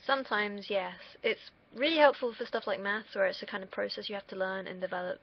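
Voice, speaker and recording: A woman's voice: medium pitch, steady tone, fairly quick. A young woman from the United Kingdom, rambling candidly in a casual solo livestream and swearing freely. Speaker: streamer. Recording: dull lo-fi mic.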